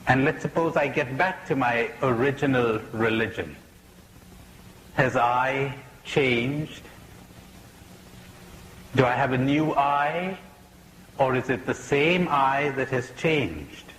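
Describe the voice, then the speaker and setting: A man giving a spiritual talk, asking slow reflective questions and telling jokes. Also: mid-range voice, a bit bright, roomy sound, in a large hall, poor audio. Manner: storytelling with jokes, laughs at own punchlines. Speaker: spiritual teacher. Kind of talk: recorded public talk. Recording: faint hiss, 1980s talk recording.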